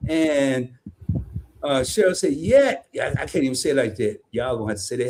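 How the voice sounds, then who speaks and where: This mid-range male voice is brisk, with a little hiss or hum in the recording. He's a Southerner, accent and all, co-hosting a live stream with lively, folksy banter, joking around and reading out comments from the chat.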